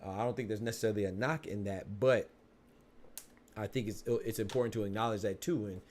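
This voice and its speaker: A man's voice: fairly low pitch, steady tone, a little fast, a little mellow. A man hosting a boxing podcast in casual, slangy livestream talk, speaking to viewers in chat.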